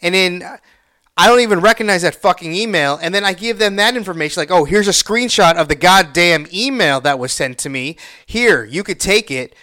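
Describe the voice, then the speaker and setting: A man's voice: high voice, expressive, brisk, pushed and bright. A man hosting his own podcast, telling a profane, exasperated story and reading messages aloud. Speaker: podcast host. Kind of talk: casual solo rant.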